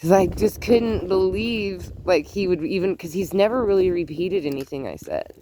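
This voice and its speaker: A woman's voice: fairly low pitch, lively intonation, moderate pace, mellow, slight background noise. An older woman, a grandmother, chatting casually on her vlog outdoors, telling a family story with laughs and asides. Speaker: vlogger. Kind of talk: casual chat.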